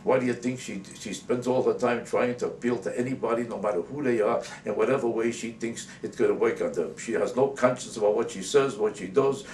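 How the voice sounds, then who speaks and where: A man's voice: medium pitch, steady tone, a little mellow. A male comedian delivering an indignant, sarcastic comic rant to camera. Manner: indignant, rapid-fire, sarcastic. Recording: roomy, distant mic, faint hiss.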